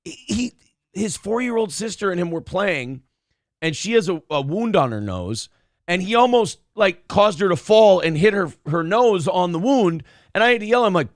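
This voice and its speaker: Man, casual morning show host, lively swooping pitch, dry close mic. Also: moderate pace, dry recording. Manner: animated, crude, lots of swearing. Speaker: podcast co-host.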